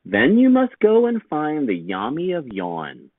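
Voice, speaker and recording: A man's voice: fairly high pitch, wildly swooping pitch, measured pace, no room sound, pitched above the performer's own voice, full character voice. A man doing a soothing lilting mama. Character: mama, gentle wise mother. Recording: tinny phone-like sound, dry.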